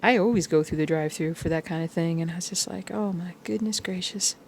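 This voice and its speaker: A woman chatting casually while she stitches, rambling through everyday stories and sometimes humming or singing softly along to music. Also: on the low side, fast, slight background noise. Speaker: cross-stitch vlogger.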